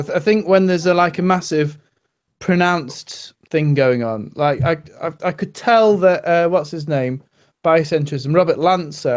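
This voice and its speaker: British guy rambling on a group call, kinda high voice, lots of ums and restarts. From Britain. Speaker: co-host. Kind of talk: casual group chat on a call.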